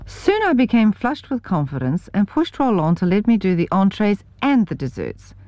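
A woman's voice: medium pitch, sing-song, moderate pace, darkish tone, no echo. Wry New woman reading a memoir. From New Zealand. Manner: dry, wry storytelling. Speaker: memoir reader. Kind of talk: scripted narration.

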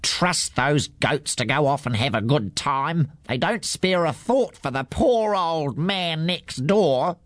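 A cranky old neighbour, as a man puts him on, grumbles slowly to himself in a cross, muttering voice. His pitch swoops about in a dry, close recording. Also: animated, a bit bright, no room sound. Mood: grumbling.

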